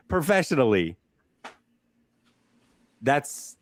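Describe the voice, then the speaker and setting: A man hosts a casual live stream, speaking firmly and directly about how chat should behave. His pitch moves a lot as he stresses points. The sound is dry and close. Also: lively intonation, moderate pace, no room sound. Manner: firm, direct, laying down chat rules. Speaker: stream host.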